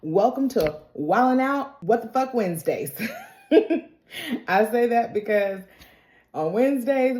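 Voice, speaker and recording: A woman's voice: medium pitch, dark tone, echoey room. A woman giving a casual recap of a TV episode, chatty and full of slang, laughing often. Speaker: TV recap vlogger.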